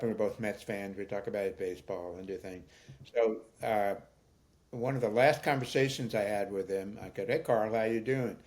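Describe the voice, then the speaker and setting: Older man telling stories, low voice. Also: darkish tone. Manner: thoughtful, halting with fillers. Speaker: guest, founder of an aging nonprofit. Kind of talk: conversational storytelling interview.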